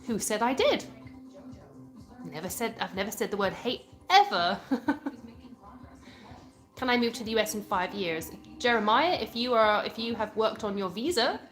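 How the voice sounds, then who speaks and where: A woman's voice: a little high, very animated, normal speed, pauses often, a bit bright, faint music behind. A young British woman from England hosting a casual live stream, chatting and answering viewer comments as she reads them aloud. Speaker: livestream host.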